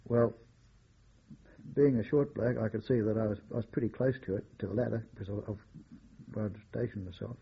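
An older man, a war veteran, recalling his memories in a measured oral-history style with occasional wry chuckles. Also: fairly low pitch, fairly even intonation, gravelly, breathy edge, muffled recording.

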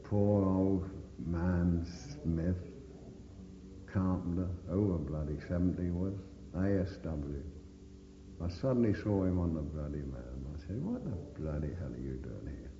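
Older man, blunt swearing storyteller, lively rising and falling voice, long room reverb. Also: deep voice, measured pace, background noise. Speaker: veteran interviewee. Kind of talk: oral history recollection. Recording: dull echoey recording in reverberant room.

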